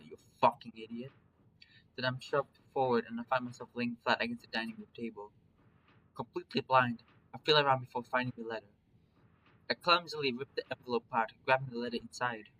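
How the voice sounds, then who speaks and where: A man's voice: mid-range voice, bright, forceful tone, a little hiss or hum, low-quality recording. A man reading a visual novel aloud in a dramatic first-person storytelling manner. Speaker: narrator.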